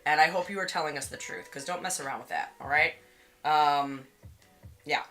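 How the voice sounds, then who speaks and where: A woman's voice: low voice, moderate pace, sharp tone, soft background music. A tired woman co-hosting a casual livestream, chatty and giggly as she reads the chat aloud. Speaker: livestream co-host. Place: home studio in Los Angeles area.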